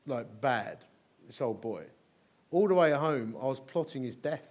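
Against a noisy background, a middle-aged English preacher speaks unhurriedly in a mid-range voice. His sermon is told through stories, animated and humorous, with emphatic repetition.

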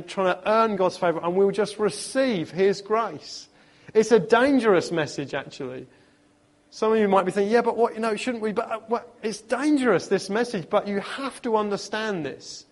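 A man's voice: high voice, normal speed. A man preaching a sermon, telling stories with humor and hammering points home through repetition. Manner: lively storytelling with emphatic repetition and humor.

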